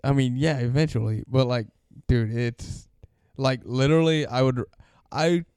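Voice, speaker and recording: A man co-hosting a comedy podcast, blunt and profane, with deadpan quips. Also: medium pitch, measured pace, clear, resonant tone, no room sound, studio quality. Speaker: podcast co-host. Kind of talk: crude casual comedy chat.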